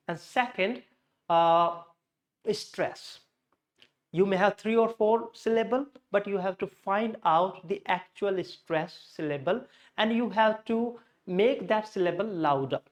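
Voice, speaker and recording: A man giving a spoken lesson as an English pronunciation teacher, explaining things methodically, step by step. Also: high voice.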